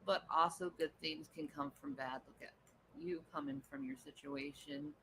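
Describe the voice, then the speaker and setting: Woman rambling on her home livestream, sharp bright voice, laughs a lot, faint hiss behind. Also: deep voice, very animated, normal speed, vocal fry, rough recording. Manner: rambling, laughs often, coos at her pet. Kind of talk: casual livestream chat, answering comments.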